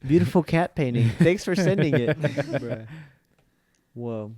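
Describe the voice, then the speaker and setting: A man's voice: mid-range voice, expressive, unhurried, warm tone, a little hiss or hum. Man eager with film trivia. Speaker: podcast co-host. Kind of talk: casual chat.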